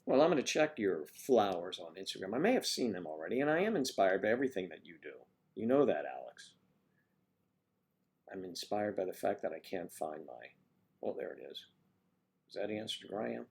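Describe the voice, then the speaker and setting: A man's voice: low-pitched, very animated, normal speed, gravelly, a little mellow. A man hosting a casual livestream, rambling and chatting with viewers by name as he reads the chat. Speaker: livestream host reading chat.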